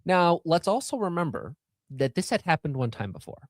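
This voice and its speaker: Low-voiced woman co-host. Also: sing-song, brisk, no echo, studio quality. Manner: chimes in, adds to stories, laughs along. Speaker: podcast co-host. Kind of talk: casual chat.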